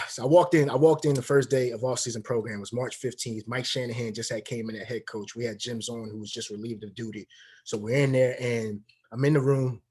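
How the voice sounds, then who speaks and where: Medium-pitched and slightly rough, this man in his thirties talks a little fast. He used to play football, and in a relaxed interview he tells lively stories, performing the quoted dialogue himself.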